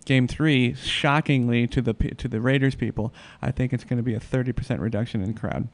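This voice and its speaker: Guy hosting a podcast, gravelly voice, lots of uh and restarts, loose casual chat. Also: mid-range voice, fairly even intonation. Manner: halting, many restarts and fillers. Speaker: podcast host.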